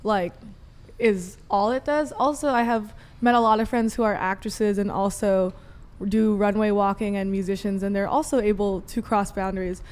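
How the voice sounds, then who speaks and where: A woman's voice: medium pitch, steady tone, moderate pace, darkish tone. A woman guest on a talk stream, rambling casually and filling with "like" a lot. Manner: rambling, heavy use of "like". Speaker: guest, content creator. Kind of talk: casual panel chat.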